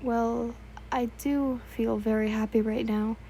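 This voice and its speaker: A woman reading the lines of a gentle, melancholy male demon swordsman in her own soft-spoken, polite voice. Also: a little high, steady tone, measured pace, vocal fry, a little hiss or hum. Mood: tender.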